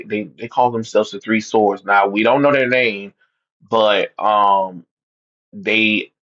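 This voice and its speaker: A man with a fairly low voice talks through a comic book plot in a loose, casual way. He often stops, restarts and fills pauses with ums. The recording sounds muffled and lo-fi. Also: fairly bright tone. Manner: halting, frequent ums and restarts.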